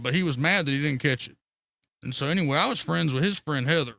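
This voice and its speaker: Gravelly, bright-voiced man telling stories. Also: fairly high pitch, fast, no room sound, studio quality. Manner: rambling, profane, animated storytelling with laughter. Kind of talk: casual storytelling on a live stream.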